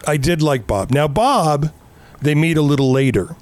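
A man's voice: fairly high pitch, normal speed, a little mellow. A man in casual chat recapping a movie in a rambling, sarcastic way, swearing often. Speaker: podcast co-host.

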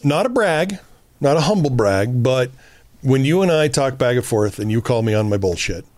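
This relationship podcast co-host has a mid-range voice and normal pace, recorded with no room sound. Blunt and profane, he gives casual advice and acts out his own quoted lines with energy.

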